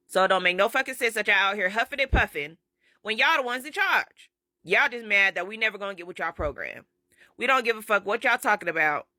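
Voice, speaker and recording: A woman, blunt and exasperated, swearing through a profane rant. Her voice is bright and sharp, recorded dry and close. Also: mid-range voice, dry recording. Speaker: commentator. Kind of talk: profane social media rant.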